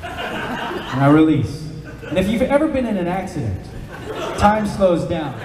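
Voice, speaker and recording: A man telling a comic story to a live audience as a panel guest, animated and drawing out dramatic pauses. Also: sits high, far from the mic, crowd noise. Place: large event hall with an audience. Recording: roomy hall echo, voice off-mic, faint noise.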